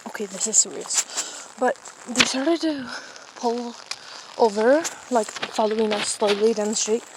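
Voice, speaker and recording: A teenage girl vlogs on a handheld phone while walking her dog in the rain, her voice a little high and slow with frequent pauses. She rambles giggly and chatty through a story, with rain pattering on her umbrella over her voice.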